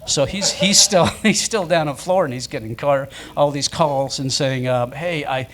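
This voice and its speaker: A man's voice: a little high, normal speed, a crowd in the background. Rambling man telling stories. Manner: rambling storyteller with many fillers. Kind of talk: casual anecdotes. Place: pub with a live audience.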